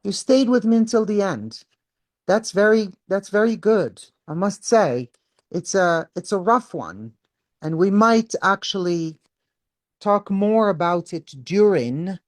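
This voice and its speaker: A middle-aged woman doctor leads an online teaching session for medical students. She speaks in an earnest, personal way, at a middle pitch, and now and then slips Arabic words into her English. Her voice sounds dry and close, as if spoken over a video call. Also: animated, measured pace, darkish tone, no room sound.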